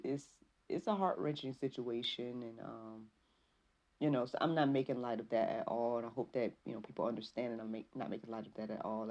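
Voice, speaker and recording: A woman hosting a faith podcast, talking casually and rambling with many fillers, reading Bible verses slowly. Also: a bass voice, dark tone, highs cut off. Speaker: podcast host. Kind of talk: casual devotional talk.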